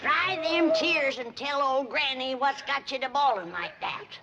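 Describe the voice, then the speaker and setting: A feisty old hillbilly granny. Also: female voice, sits high, a little slow, muffled recording, heavy background noise. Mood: comforting. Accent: rural Southern US. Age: older. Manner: folksy, bossy yet comforting. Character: feisty old hill-country grandma. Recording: old TV sitcom with loud laugh track.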